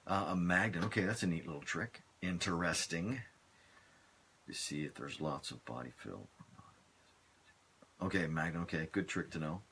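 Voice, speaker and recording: A man hosting a casual live stream from his phone, chatting in a relaxed, rambling way as he answers viewer comments. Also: low voice, moderate pace, long pauses, slight background noise.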